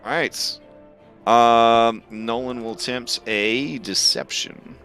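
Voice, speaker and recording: A man narrating as game master of a tabletop game, with a relaxed, hesitant delivery full of fillers. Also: mid-range voice, slow pace. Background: faint music.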